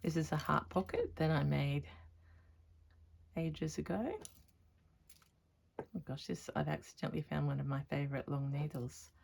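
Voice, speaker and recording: A woman's voice: low-pitched, steady tone, normal speed, gravelly, long pauses, a little mellow. A woman chatting casually in a crafting vlog, thinking aloud as she works on her stitching. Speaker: textile artist showing her stitching.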